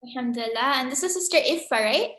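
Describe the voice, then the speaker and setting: A woman's voice: sits high, expressive, quick pace, bright, forceful tone, roomy sound. A woman teaching a Quran recitation class over a video call, chatty and full of filler words. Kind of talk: casual online class teaching.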